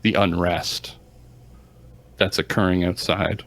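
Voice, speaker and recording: A man narrating a tabletop role-playing game as game master in an unhurried, measured way. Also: low-pitched, steady tone, a bit bright.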